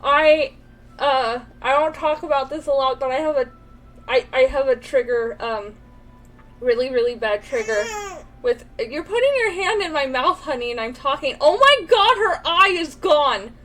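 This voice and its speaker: A woman's voice: sits high, normal speed, low-quality recording. A young woman streaming a game, reading its narration aloud while chatting and cooing at her baby.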